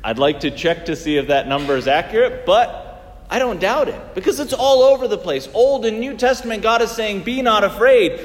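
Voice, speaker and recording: A man's voice: high voice, animated, brisk, in a large hall. A man preaching a sermon in earnest tones, asking rhetorical questions and swinging his emphasis up and down.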